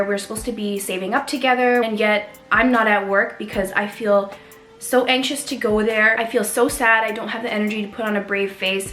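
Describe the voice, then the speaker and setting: A young woman from Canada, vlogging to camera and telling her own story in an earnest, candid way with soft pauses. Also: mid-range voice. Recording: echoey room with faint music.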